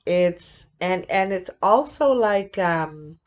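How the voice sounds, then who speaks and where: Slow, musing woman reading tarot. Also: lowish voice, lively intonation. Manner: musing, halting, thinks aloud with many fillers. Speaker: tarot reader.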